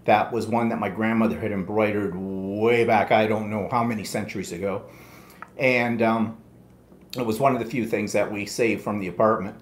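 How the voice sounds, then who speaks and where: A man's voice: fairly low pitch, fairly even intonation, moderate pace, roomy sound. A man co-hosting a live quilting stream, telling long rambling stories in a casual chatty way with many asides. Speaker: co-host of a live quilting show.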